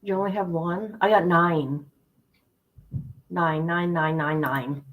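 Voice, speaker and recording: A middle-aged woman hosts a livestream, chatting casually and directly with her viewers and repeating points for emphasis. Her voice is fairly low with fairly even intonation, and she speaks slowly over phone-quality audio.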